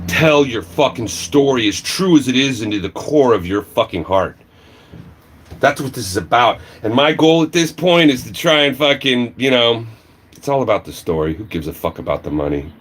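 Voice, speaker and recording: A man ranting on a livestream, swearing a lot and swinging between shouting and low muttering. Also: animated, moderate pace, slight background noise. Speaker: livestream vlogger. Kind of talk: angry profane rant.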